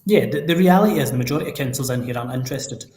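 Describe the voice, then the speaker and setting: Scottish man, fast, forceful political talk, roomy echo. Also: mid-range voice, slight background noise. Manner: forceful, emphatic, indignant. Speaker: city councillor guest. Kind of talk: political discussion on a talk show.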